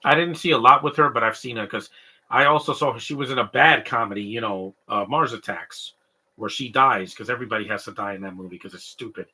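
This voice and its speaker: A young man from Canada co-hosting a live stream, rambling through casual comedic chat. His voice is very bright and husky, and his talk is animated and digressive. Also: medium pitch, fast talker. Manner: rambling, animated, mimics stutters and sobbing noises.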